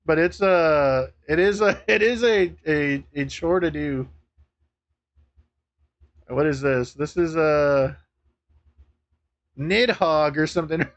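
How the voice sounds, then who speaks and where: Excitable high-voiced male streamer. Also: slow pace, pauses often, dull audio. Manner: laughs often, swears, excitable. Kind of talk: casual live-stream chat.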